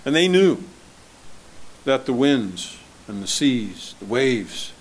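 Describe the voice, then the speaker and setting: A man preaching a sermon as pastor, conversational and asking his listeners questions, swinging between loud and soft. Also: mid-range voice, big pitch swings, slow pace, a little hiss or hum. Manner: conversational, asks the congregation questions.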